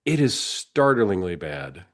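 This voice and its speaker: A man's voice: sits low, very animated, takes it slowly, fairly bright tone. A man with a cold, co-hosting a podcast in casual chat, rambling and restarting his sentences and laughing often. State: has a cold. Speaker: podcast co-host.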